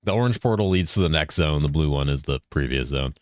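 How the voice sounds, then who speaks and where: A man with a very low voice streams a game and talks casually to his viewers. He explains items, jokes around and swears now and then. His voice sounds dry and close, with no room around it. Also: lively intonation, fast talker, no echo. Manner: loose and joking, swears. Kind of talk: casual gameplay chat.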